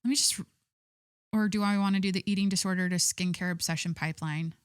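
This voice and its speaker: A woman's voice: on the low side, fairly even intonation, fast, clean tone, no room sound, clean studio sound. A young adult woman hosting a solo podcast, chatting casually and reading a news story aloud in an irreverent, rambling way. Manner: chatty and irreverent, with many likes and restarts. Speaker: podcast host.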